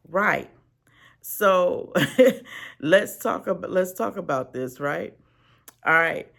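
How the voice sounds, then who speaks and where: An animated Christian business owner teaches viewers straight to camera in a motivational style. The voice laughs often, restarts sentences with repeated words, and keeps checking in with the listener. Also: medium pitch, gravelly. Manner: asks the viewer "right?" and "okay?" often.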